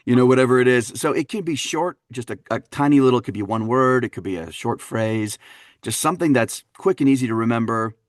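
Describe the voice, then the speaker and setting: Animated male dialect coach, dry sound. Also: medium pitch, a little fast, no room sound. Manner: animated storyteller, acts out quotes, laughs often. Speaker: actor and dialect coach, guest. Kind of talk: conversational interview.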